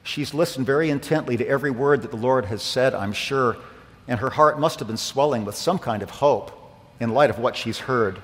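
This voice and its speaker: A man's voice: mid-range voice, moderate pace, a bit bright. A man preaching a sermon in a church, earnest, swelling on key phrases. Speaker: pastor. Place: church sanctuary. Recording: long hall reverb.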